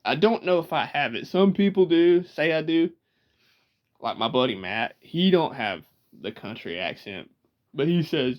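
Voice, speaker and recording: A man chats loosely to camera in a vlog. His pitch rises and falls a lot. He pauses, chuckles and restarts his sentences as he goes. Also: lively intonation, highs cut off. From Georgia, US. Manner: laid-back, chuckling, halting restarts. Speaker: vlogger. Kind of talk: casual rambling vlog.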